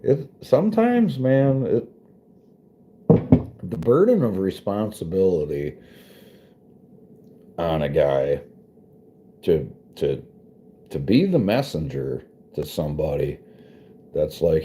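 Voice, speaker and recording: A man's voice: a bass voice, sing-song, slow, long pauses, mellow. A man chatting casually with viewers, swearing and joking, often laughing. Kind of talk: casual chat.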